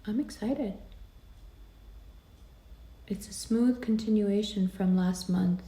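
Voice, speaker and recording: Slow, intimate woman tarot reader. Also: mid-range voice. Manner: intimate, reassuring, laughs easily, drops into soft whispers. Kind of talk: tarot card reading.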